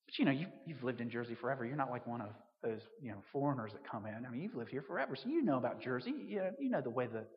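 Preacher in a dull echoing hall. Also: male voice, mid-range voice, animated, rapid-fire, hardly any pauses. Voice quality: conversational, frequent restarts and asides. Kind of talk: sermon. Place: church on Jersey. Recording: dull reverberant hall recording.

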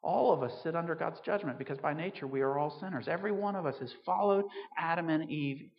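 Male vicar, earnest sermon, slightly high voice, long reverb in a hall. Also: fast, muffled recording. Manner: earnest, storytelling, rising to emphatic peaks.

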